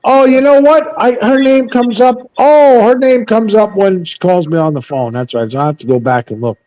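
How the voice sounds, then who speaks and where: A man's voice: high voice, moderate pace, darkish tone, no room sound, highs cut off. A man in a casual live chat, telling stories in a blunt, profane, rambling way. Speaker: panel host.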